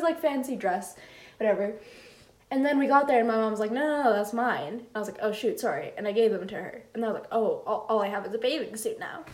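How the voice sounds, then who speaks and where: A woman's voice: medium pitch, darkish tone, reverberant. A teenage girl co-hosting a podcast, chatting casually and rambling, with lots of "like" between her words. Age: teens. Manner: rambling, many "like" fillers. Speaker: podcast co-host. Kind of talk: casual chat. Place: room.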